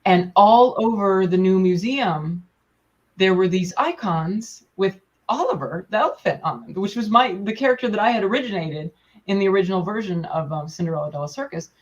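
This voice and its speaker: A woman in her forties, a puppeteer guest in a casual interview, talking in an animated, chatty way, laughing often and restarting her sentences. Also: mid-range voice, fairly quick. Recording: dull lo-fi sound.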